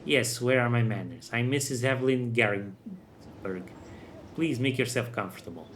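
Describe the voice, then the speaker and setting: A man's voice: mid-range voice, moderate pace, fairly bright tone, a little hiss or hum, lightly acted. Man reading a prim, flustered rich lady. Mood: genteel. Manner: prim, genteel. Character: fussy well-to-do lady, polite and flustered.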